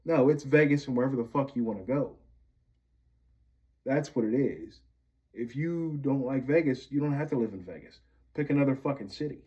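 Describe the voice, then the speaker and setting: A man's voice: medium pitch, moderate pace, mellow, highs cut off. A man from Pennsylvania venting bitterly to camera, swearing often as he rants. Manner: bitter, profane ranting. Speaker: vlogger.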